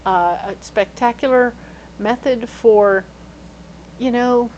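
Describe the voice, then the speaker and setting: Playful animated woman reading tarot. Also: on the high side, slow pace, highs cut off, a little hiss or hum. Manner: animated, playful, with sudden exclamations. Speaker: tarot reader.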